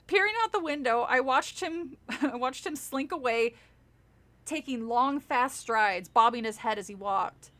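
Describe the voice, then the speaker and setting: Young woman reading a kids horror book on stream, giggles a lot, high bright voice. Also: unhurried. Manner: giggly, breaks into laughter often. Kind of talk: casual read-aloud with chat.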